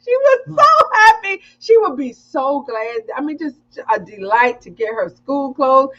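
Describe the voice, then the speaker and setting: A woman in her forties co-hosting a casual livestream chat, telling family stories with animated flair. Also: sits high, measured pace, muffled recording. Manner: animated storytelling, acts out her kids' voices. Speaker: co-host of a couples show. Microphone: webcam livestream.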